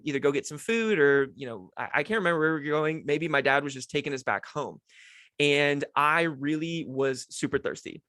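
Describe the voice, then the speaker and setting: A man's voice: on the high side, pushed and bright, no echo. A young man hosting his own podcast, telling a childhood story in a rambling, self-deprecating way with lots of restarts. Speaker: podcast host. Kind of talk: casual storytelling monologue. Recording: dry home setup.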